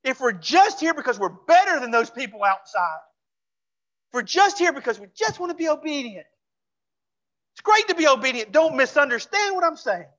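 Fervent high-voiced preacher. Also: sing-song, moderate pace, dull audio. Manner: fervent, repeats phrases for emphasis; drops to a hushed voice for closing pleas. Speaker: pastor. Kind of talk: sermon. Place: church sanctuary.

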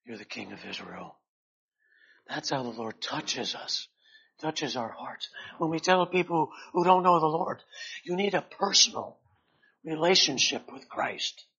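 Slow, earnest male preacher, lo-fi. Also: fairly high pitch, vocal fry, husky. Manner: slow, earnest, swells loud then drops to quiet. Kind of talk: sermon.

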